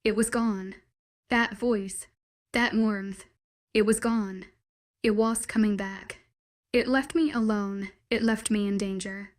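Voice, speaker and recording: A woman narrating a first-person fantasy story with a measured, dramatic delivery. Her voice sits at an everyday mid pitch. She reads like a steady storyteller. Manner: measured, dramatic inner monologue.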